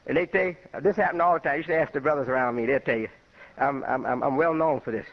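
An older man from Chicago with a notably high voice talks as an imam, rambling and conversational and full of personal stories. His voice comes through a muffled, lo-fi radio recording. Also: quick pace. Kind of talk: informal spoken lecture.

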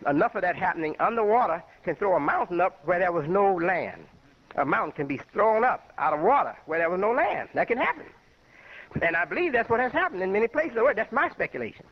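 An older man from Chicago, an imam, giving a rambling, conversational lecture full of personal anecdotes. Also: fairly high pitch. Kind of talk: informal spoken lecture. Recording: muffled lo-fi radio recording.

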